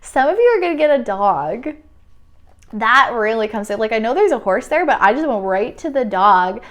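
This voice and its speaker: A high-pitched woman running a pick-a-card oracle reading. She keeps bursting into excited exclamations, then settles into a soft, reassuring tone as she speaks straight to the listener. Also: normal speed. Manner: gushing, excitable, exclaims often; soothing, reassuring addresses to the listener. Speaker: tarot card reader.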